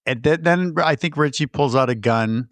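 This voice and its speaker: A man's voice: medium pitch, normal speed, no echo. A man co-hosting a podcast, chatting casually about a movie and acting out scenes as he tells stories. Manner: animated storyteller, acts out scenes and sound effects. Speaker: podcast co-host.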